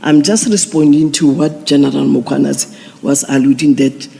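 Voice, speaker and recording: A man, a police general giving formal testimony at an inquiry, measured and procedural with frequent restarts. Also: fairly high pitch, steady tone, vocal fry, mellow. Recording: long hall reverb.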